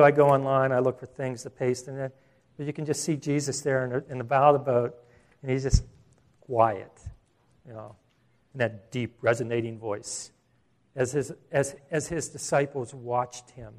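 A man preaching a sermon as pastor, earnest, restarting phrases and slowing down for emphasis. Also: medium pitch, darkish tone.

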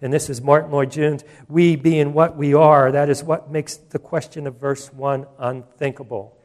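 A man's voice: on the high side, darkish tone. A male pastor preaching a sermon in an emphatic, conversational way, with asides and restarts.

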